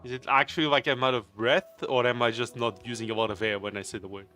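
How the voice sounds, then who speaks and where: Bright-voiced, giggly game streamer guy. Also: medium pitch, fairly even intonation, quick pace, faint music behind. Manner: laughs often, greets chat viewers by name; playful, rambling, jokey. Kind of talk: casual live stream chat while gaming.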